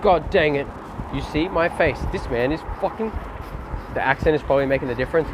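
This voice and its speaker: A man's voice: on the high side, fairly quick. Rambling Australian man streaming on city streets. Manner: rambling, swears freely, talks to chat. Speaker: IRL streamer. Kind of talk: casual live-stream chat. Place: outdoors on windy city streets. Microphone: phone held while walking. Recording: street noise and wind.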